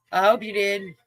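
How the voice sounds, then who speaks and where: Guy running a live stream card game, high bright voice, folksy and chatty. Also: vocal fry, no echo. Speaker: livestream game host. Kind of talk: casual livestream chat, reading viewers' names.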